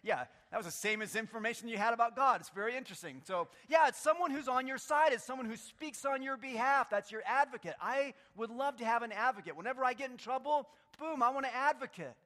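Brief: high, bright-voiced male pastor, animated sermon with loud peaks and quiet stretches, talks back and forth with the room. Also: fast, few pauses. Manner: animated, swinging between loud emphatic lines and quiet low ones; talks with the congregation, takes answers from the room.

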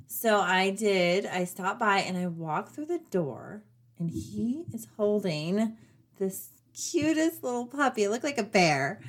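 A woman in her forties talks to her followers in a loose, chatty vlog. She speaks at a middle pitch and fills her sentences with "um" and "you know". The tone is relaxed and personal. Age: 40s. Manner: chatty, many fillers and laughs, addresses viewers. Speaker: vlogger. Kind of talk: casual personal update.

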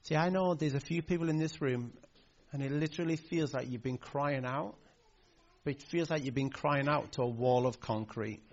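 A man's voice: mid-range voice, moderate pace, highs cut off. A man preaching a sermon, telling a family story in a heartfelt way with hesitant fillers. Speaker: pastor.

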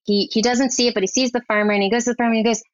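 A woman's voice: fairly high pitch, steady tone, very fast, no room sound. A young adult woman, a film editor guest, telling stories in a casual, chatty podcast interview full of fillers. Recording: slightly dull lo-fi audio.

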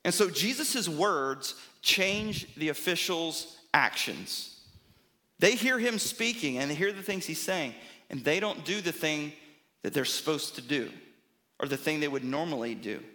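A man's voice: a little high, animated, measured pace, bright, forceful tone. A man preaching a sermon as a pastor, emphatic and rhythmic, often checking in with "right?". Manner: emphatic, repeats phrases for rhythm, asks "right?".

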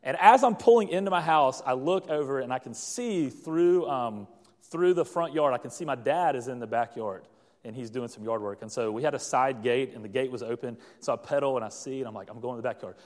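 A man's voice: mid-range voice, brisk, in a large hall. A young man preaching a sermon, telling a childhood story with plenty of fillers and restarts. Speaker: pastor.

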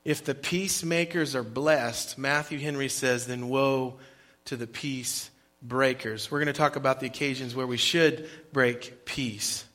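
Pastor guy preaching, bright kinda highish voice, repeats lines in rhythm, gets loud then quiet. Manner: emphatic preaching, rising and dropping volume for effect; repeats phrases in a rhythmic cadence. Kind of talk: sermon.

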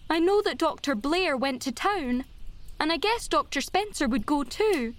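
A woman reading an audiobook, voicing a frightened young girl who pleads urgently for help in a much higher voice. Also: lively intonation. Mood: tearful. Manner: breathless, urgent, slowed pleading.

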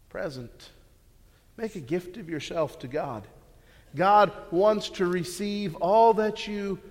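A man preaching a sermon, earnest and full of rhetorical questions, often repeating words as he restarts. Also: a little high. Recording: long hall reverb.

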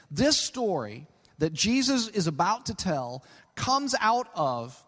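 Casual male pastor, sermon in a large hall with long reverb, animated, keeps saying "okay?". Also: sits high. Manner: conversational, peppered with 'okay?'; animated, stretches key words for emphasis.

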